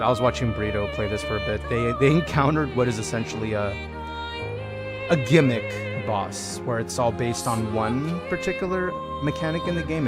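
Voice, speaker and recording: A young man from Texas in casual, rambling live-stream chat, reading out viewer messages as he plays. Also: medium pitch. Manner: rambling, chatty, reads chat aloud. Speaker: game streamer.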